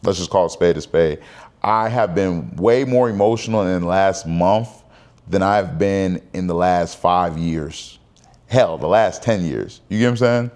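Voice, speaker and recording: A man's voice: deep voice, unhurried, darkish tone. A man in his thirties talking candidly to camera in a casual personal vlog, rambling and conversational. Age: 30s. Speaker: vlogger.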